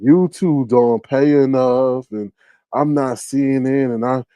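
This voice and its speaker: A man's voice: mid-range voice, slow, dark tone, smooth, no room sound, voice pushed down, lightly acted. A man mimicking a weary woman streamer who rambles hesitantly with fillers. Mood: complaining.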